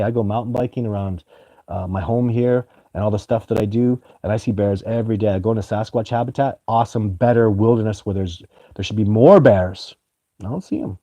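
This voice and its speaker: A man's voice: on the low side, mellow, no room sound. A man hosting a live stream and answering viewer comments in a rambling, enthusiastic way, swearing casually and laughing often.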